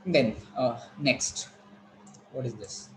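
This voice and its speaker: A man's voice: medium pitch, slow, a bit bright, a little hiss or hum, low-quality recording. A man with an Indian English accent teaching an online class, explaining words and repeating them for students. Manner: instructive, repeats words, asks students questions.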